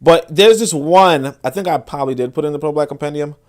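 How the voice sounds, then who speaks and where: A man's voice: a little high, quick pace. A man hosting a podcast, talking casually and rambling with many restarts and fillers while he reads and explains passages. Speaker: podcast host. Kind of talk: casual commentary with reading aloud.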